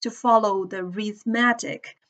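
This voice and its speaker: A woman teaching English pronunciation to a class, explaining slowly and checking in with students as she goes. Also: mid-range voice, steady tone, a bit bright. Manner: slow, deliberate explaining with questions to the class. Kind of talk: classroom lecture.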